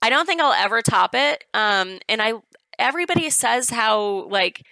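A woman guest telling an excited, chatty story about cosplay, with many fillers along the way. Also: on the high side, normal speed, vocal fry, no echo, poor audio. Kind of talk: animated storytelling in casual chat.

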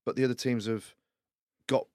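A man's voice: medium pitch, fairly even intonation, moderate pace, dark tone, no echo. An English man co-hosting a casual rugby podcast in a studio, blunt and teasing in his opinions. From England. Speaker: podcast co-host.

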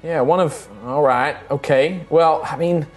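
A man's voice: on the high side, unhurried, soft background music, pitched above the performer's own voice, natural voice. A man voicing a bewildered young half-elf stable hand who talks hesitantly. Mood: wary.

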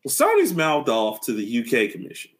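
A young man co-hosting a casual gaming podcast, jokey and animated, acting out quotes in voices. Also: mid-range voice, brisk. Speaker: podcast co-host.

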